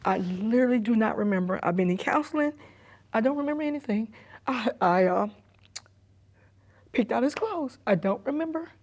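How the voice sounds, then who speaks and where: Middle-aged woman, hushed halting testimony. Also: on the high side, animated. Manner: halting, repetitive retelling, often sinking to a hushed near-whisper. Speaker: emergency room nurse and grieving mother. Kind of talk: personal testimony in a documentary interview.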